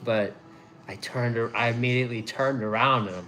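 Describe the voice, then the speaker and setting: A young man chatting casually as a food review vlogger, rambling and excitable, restarting his sentences often. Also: mid-range voice, unhurried, pauses often, soft background music. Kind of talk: casual chat.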